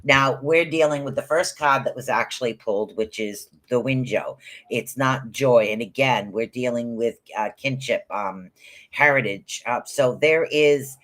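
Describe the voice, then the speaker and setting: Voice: mid-range voice, a little slow, a bit bright. A host doing rune readings on a live stream, chatting loosely, rambling, and calling out viewers by name.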